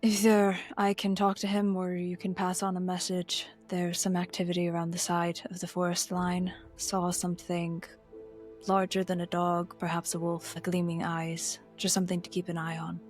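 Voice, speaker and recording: A woman voicing a reserved female scout who gives a quiet, clipped, matter-of-fact warning. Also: lowish voice, monotone, normal speed, faint music behind, lightly acted. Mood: guarded. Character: terse guarded female caravan scout.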